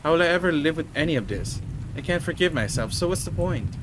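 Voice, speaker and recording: A man's voice: fairly high pitch, expressive, fast, background noise, close to an everyday voice. A man reading a desperate teenage boy. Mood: hopeless. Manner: pleading, breaking, reads lines aloud. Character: distraught sixteen-year-old boy who shot someone. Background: game music and rain.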